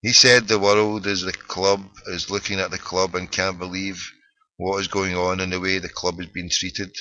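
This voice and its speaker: A man's voice: deep voice, level tone, normal speed, pushed and bright, dry recording, lo-fi sound. A middle-aged man with a Glaswegian accent hosting a phone-in podcast, ranting sarcastically and swearing freely in casual solo commentary. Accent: Scottish, Glaswegian.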